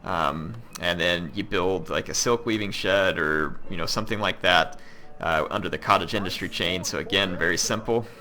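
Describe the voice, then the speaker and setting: A man's voice: low voice, normal speed, pushed and bright, slight background noise. A man from Kentucky with a Southern US accent, rambling through casual let's-play commentary with plenty of ums and likes. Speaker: gaming YouTuber.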